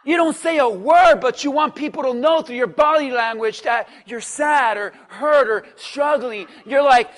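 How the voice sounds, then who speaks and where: A male pastor with a very high voice delivers an emphatic sermon, repeating phrases for stress and rising from hushed talk to shouts. His voice rings out with a long reverb from the church hall. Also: normal speed, hardly any pauses. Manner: emphatic preaching that swings from quiet to shouted.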